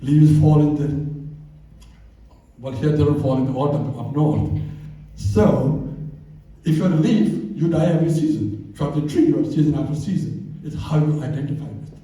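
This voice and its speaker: A man's voice: fairly high pitch, dark tone, distant mic. Older man lecturing in an echoey hall. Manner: storytelling, unhurried and reflective. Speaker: speaker. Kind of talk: talk to a live audience.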